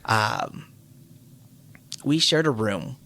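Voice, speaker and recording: A man co-hosting a podcast, chatting casually and telling animated, joking stories. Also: on the low side, extremely slow. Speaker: podcast co-host. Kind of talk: casual chat.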